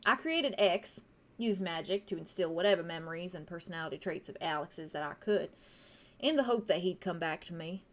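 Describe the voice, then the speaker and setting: A woman voicing a grieving middle-aged male scientist who talks in a courteous, measured and coaxing way. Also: fairly low pitch, expressive, fairly bright tone.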